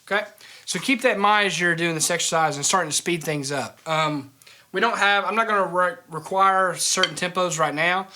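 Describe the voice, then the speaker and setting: Man, drum teacher, high voice, keeps asking "okay?", noisy recording. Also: moderate pace. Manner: checks in with "okay?" after each point. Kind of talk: instructional lesson.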